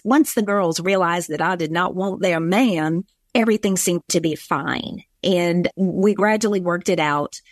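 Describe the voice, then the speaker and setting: A woman's voice: on the low side, no echo, studio quality. A woman with a Southern accent from Georgia, earnestly telling a personal story on a talk show.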